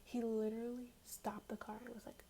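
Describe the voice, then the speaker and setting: A young woman telling a story in a soft-spoken ASMR style, casual and slangy, often slipping into a whisper. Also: a little high, level tone, fairly quick, a little hiss or hum, poor audio.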